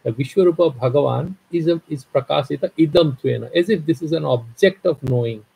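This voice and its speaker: A man leads a scripture class in a very husky, gravelly voice with a dark, mellow tone. He explains verse by verse and breaks into playful acted-out exchanges. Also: fairly high pitch, fairly quick, rough recording. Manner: explains verse by verse, mixing Sanskrit and Hindi with English; playful, acts out little dialogues. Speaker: teacher of Vedanta scripture.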